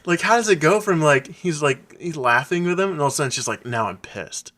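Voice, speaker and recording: A man co-hosting a podcast in casual chat, excitable, laughing often and acting out quotes. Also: on the high side, quick pace. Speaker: podcast co-host.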